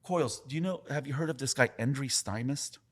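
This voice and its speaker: Fast-talking and on the high side, this man is a tattoo artist swapping stories on a laid-back podcast. He curses a lot, speaks with emphasis, and gestures with his hands while discussing his craft.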